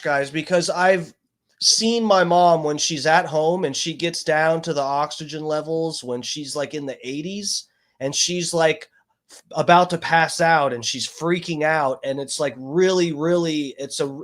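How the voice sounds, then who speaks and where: Grieving man talking slowly. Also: mid-range voice. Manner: halting, full of restarts and swearing. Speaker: streamer. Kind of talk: casual livestream talk.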